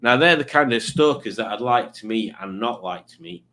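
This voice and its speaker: A man's voice: lowish voice, lively intonation, moderate pace, bright, forceful tone. A man hosting a live stream, chatting casually and reading out viewer messages in silly voices. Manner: joking, reads chat messages aloud in silly voices. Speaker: livestream host.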